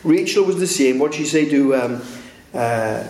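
A male preacher delivers a sermon in a noticeably echoey room, his voice sitting at an ordinary middle pitch. He talks in halting bursts, restarting phrases and tossing in tag questions as he goes. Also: lively intonation, darkish tone.

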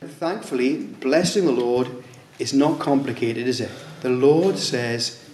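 A man's voice: mid-range voice, unhurried, darkish tone, a little hiss or hum. A man preaching a sermon in a conversational way, asking his listeners rhetorical questions. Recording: echoey room.

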